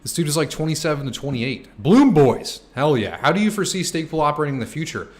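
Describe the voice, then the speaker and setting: A man's voice: on the high side, big pitch swings, fast. Loose, joking young man. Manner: loose, joking, swears freely, bursts into loud shouts. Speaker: crypto streamer answering chat questions. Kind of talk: casual live-stream chat.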